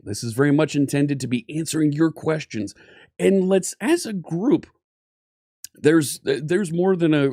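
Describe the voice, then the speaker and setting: A man's voice: medium pitch, dark tone, dry recording, studio quality. A man hosting a casual coding live stream, upbeat and chatty, greeting viewers one by one.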